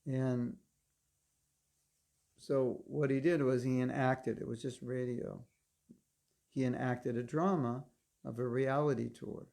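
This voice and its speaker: A man's voice: medium pitch, level tone, slow pace, vocal fry, long pauses, darkish tone. A man giving a devotional class lecture as a spiritual teacher, conversational and wry, often putting questions to his listeners. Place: Alachua, Florida.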